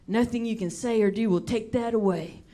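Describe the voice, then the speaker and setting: A woman voicing a soft-spoken, loving rural father who talks low and gently, over loud crowd laughter at a live club. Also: fairly quick, lightly acted. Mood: tender.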